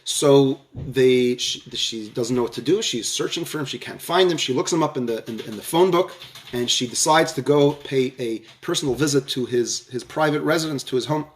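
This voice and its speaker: A man giving a storytelling lecture on a religious theme, halting often and repeating words as he goes. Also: medium pitch.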